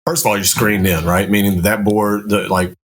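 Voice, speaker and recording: A man's voice: on the low side, little pitch movement, moderate pace, a little hiss or hum. A man who is a Navy command master chief, talking candidly and profanely as a podcast guest. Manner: candid, profane, explaining step by step. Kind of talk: casual podcast chat.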